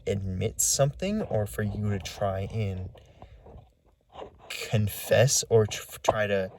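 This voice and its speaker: A man telling a creepy story in a casual vlog, rambling and halting with lots of fillers as he hunts for words. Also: lowish voice, darkish tone, a little hiss or hum. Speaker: vlogger.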